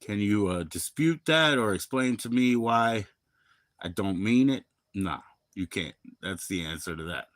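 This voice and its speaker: Rambling, swearing streamer man, low voice. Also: animated, a little slow, dry recording, studio quality. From Maryland, USA. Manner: rambling, profane, loud bursts then mumbling. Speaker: livestream host. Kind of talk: rambling casual livestream chat.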